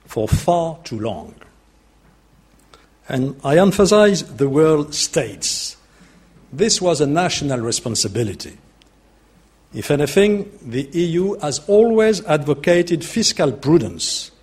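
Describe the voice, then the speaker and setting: An older French man delivers a formal political speech in English, his second language, with a French accent. His voice is husky and a little breathy, sitting at an ordinary middle pitch. He speaks in a measured, deliberate way, pausing on small fillers as he builds his argument. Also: darkish tone. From France. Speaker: statesman giving a speech.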